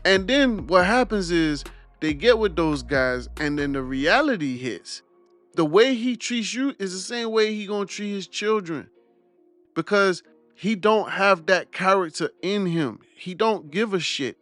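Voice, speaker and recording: High-voiced man giving blunt commentary. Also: lively intonation, measured pace, a bit bright, soft background music. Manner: blunt, preachy, mocking. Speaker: commentary video host. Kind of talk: reaction commentary.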